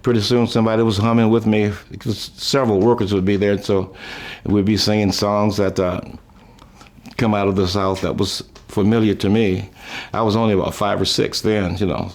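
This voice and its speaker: A man's voice: level tone, moderate pace, darkish tone. Older man telling rambling folksy stories. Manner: chuckling, folksy, trails off and restarts; raises his voice high when quoting others. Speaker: musician recalling his life. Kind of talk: rambling storytelling.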